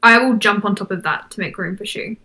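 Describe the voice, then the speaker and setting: A woman's voice: medium pitch, a little fast, sharp tone. A woman playing in a tabletop game, speaking casually and hesitantly with "um"s. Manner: hesitant, starts with "um". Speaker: player.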